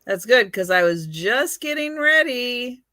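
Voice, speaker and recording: Auctioneer: matter-of-fact woman, higher pitch, unhurried, crisp dry audio. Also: expressive, bright, forceful tone, dry recording. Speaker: auctioneer calling bids. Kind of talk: live-stream auction calling.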